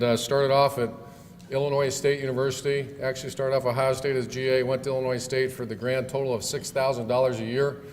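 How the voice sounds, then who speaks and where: A middle-aged man, a football coach, giving a banquet speech with jokes. He tells stories in a folksy way with many filler pauses. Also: mid-range voice. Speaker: football coach, guest speaker. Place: large banquet hall. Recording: long hall reverb, faint room noise.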